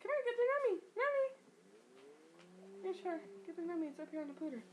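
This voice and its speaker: A woman's voice: extremely high pitch, very animated, fast talker, a little hiss or hum. A mother at home coaxing her baby in a sing-song voice, laughing often, recorded on a computer webcam. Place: home room.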